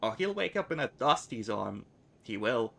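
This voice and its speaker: A man's voice: medium pitch, big pitch swings, moderate pace, creaky, a bit bright, heavily acted. A man voicing a scornful young rogue woman in a video game, with a clipped, put-on dialect and a sneering manner.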